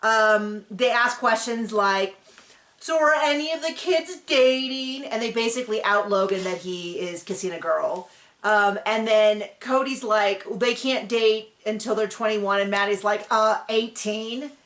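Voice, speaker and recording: A woman's voice: medium pitch, unhurried, a bit bright. Chatty sarcastic woman in an echoey room. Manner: chatty, sarcastic, full of fillers. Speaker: recap show host. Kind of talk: casual recap chat.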